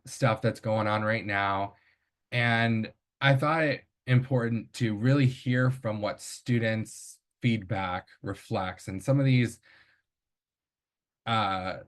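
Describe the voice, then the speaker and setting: A man presenting research at an academic showcase, speaking in a measured way with frequent fillers and small self-corrections. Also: on the low side.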